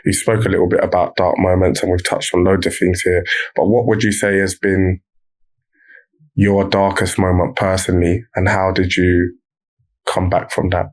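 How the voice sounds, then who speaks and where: Man, podcast host, low voice, monotone, calm, measured questions. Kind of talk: reading interview questions.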